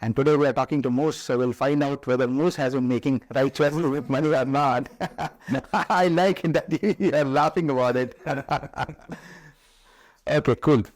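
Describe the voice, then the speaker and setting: A man's voice: medium pitch, a little slow. A man hosting a podcast interview, asking questions and adding conversational advice to his audience. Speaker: podcast host.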